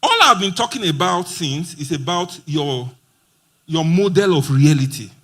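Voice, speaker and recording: A man's voice: fairly high pitch, animated, normal speed, fairly bright tone. A man giving a playful motivational talk at a conference, acting out quoted dialogue. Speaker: conference speaker. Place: conference hall.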